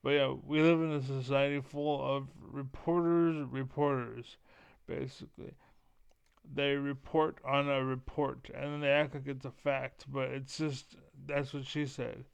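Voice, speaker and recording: A man streaming a casual, profane rant that rambles, with filler words repeated over and over and the throat often cleared. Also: mid-range voice, level tone, a little slow, no room sound.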